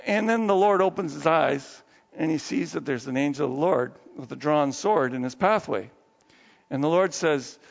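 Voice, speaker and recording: A man's voice: a little high, animated, normal speed, vocal fry. A man preaching a sermon, telling a story in a casual, folksy way. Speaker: pastor. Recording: dull lo-fi echoey hall.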